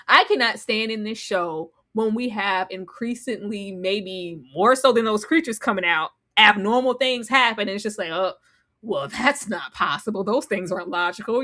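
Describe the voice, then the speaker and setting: A woman's voice: medium pitch, unhurried, pushed and bright. A woman co-hosting a live show recap in casual chat. She acts out characters' lines and laughs often. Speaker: podcast co-host. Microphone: home mic, live stream.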